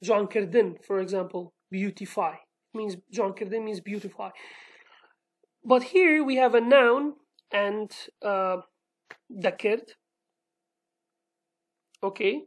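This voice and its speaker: A woman's voice: medium pitch, slow, pauses often. Kurdish-accented woman teaching a language. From Iraqi Kurdistan, Sulaymaniyah. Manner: patient, explains step by step, often checks with "okay?". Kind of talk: online language lesson.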